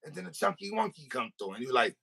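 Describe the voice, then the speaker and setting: A man's voice: on the high side, sing-song, fast talker, gravelly, sharp tone, husky. A man hosting a podcast, telling a comic story in a rant and acting out both sides of a phone call. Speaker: podcast host. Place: recording studio.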